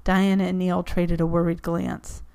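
A woman reading a story aloud for an audiobook, her voice lowish with a gravelly, fry-edged texture. The reading is steady and even. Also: unhurried. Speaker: narrator.

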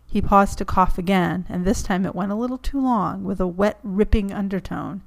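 A woman narrating a story as an audiobook, reading in a steady, even way. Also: medium pitch, moderate pace, gravelly, hardly any pauses.

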